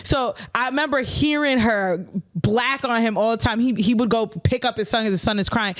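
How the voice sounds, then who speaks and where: A woman's voice: on the high side, normal speed, few pauses. A woman co-hosting a casual talk show, telling a story with lots of swearing and laughter. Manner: animated, profane, laughs while telling stories; acts out quoted voices loudly. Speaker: podcast co-host.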